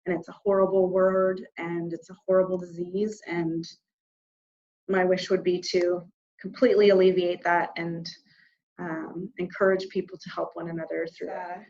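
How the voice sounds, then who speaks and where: A woman's voice: on the low side, darkish tone, lo-fi sound. Heartfelt woman telling a personal story. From Canada. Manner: heartfelt, reflective, halting with pauses and restarts. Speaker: interview guest.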